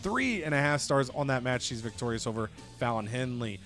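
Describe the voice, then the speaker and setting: A man's voice: medium pitch, lively intonation, a little fast, a bit bright, soft background music. A young man narrating a wrestling game recap as a let's-play host, storytelling casually and swearing now and then. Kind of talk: animated game recap with put-on voices.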